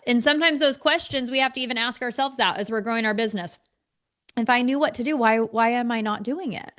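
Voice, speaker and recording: A woman's voice: a little high, fairly bright tone. A woman co-hosting a business podcast, talking candidly and animatedly, swearing freely as she tells stories. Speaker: podcast co-host. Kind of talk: casual business podcast talk.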